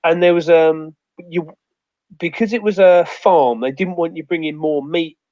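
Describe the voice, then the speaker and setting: A man's voice: a little high, a little slow, warm tone, no room sound. Rambling, swearing man. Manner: rambling storyteller, swears freely. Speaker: outdoors guest. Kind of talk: casual chat. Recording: muffled dry audio.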